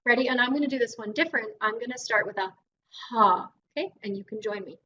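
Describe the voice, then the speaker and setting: A woman's voice: a little high, fast talker, pushed and bright, dull audio, a little hiss or hum. A Canadian woman speech-language pathologist leading a guided voice exercise class in an encouraging way. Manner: encouraging, demonstrates vocal drills.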